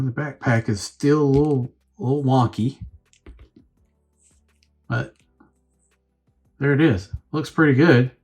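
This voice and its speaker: A man's voice: mid-range voice, slightly rough. A man reviewing a toy on his own channel, rambling and thinking aloud as he fiddles with the figure. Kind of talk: casual unscripted review.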